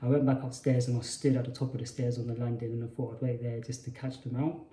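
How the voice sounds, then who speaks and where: A man's voice: mid-range voice, flat delivery, fast talker, mellow, slight background noise. A man telling a personal story in a hesitant way, often restarting and correcting himself. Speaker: spiritual channel host. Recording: roomy echo.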